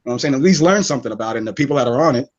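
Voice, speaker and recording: A man's voice: medium pitch, animated, rapid-fire, dull audio. Profane, rambling man from New York. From New York City. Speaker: guest. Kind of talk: casual online chat.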